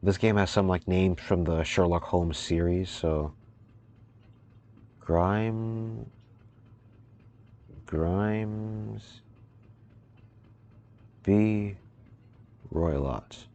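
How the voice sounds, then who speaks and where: A man's voice: low-pitched, drawn-out words, pauses often, mellow, highs cut off. A young man giving casual, amused let's play commentary, thinking aloud as he plays. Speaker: gaming video host. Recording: home mic with faint hiss.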